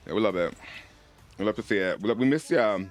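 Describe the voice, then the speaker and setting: A man's voice: on the low side, lively intonation, fast, soft background music. A man livestreaming, chatting casually and playfully with his viewers in a rambling way. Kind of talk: casual chat over a live broadcast.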